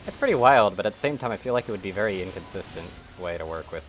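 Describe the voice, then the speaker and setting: Teasing low-voiced man streamer. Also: lively intonation, rapid-fire, background noise. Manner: teasing, sarcastic. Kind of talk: casual chat while gaming.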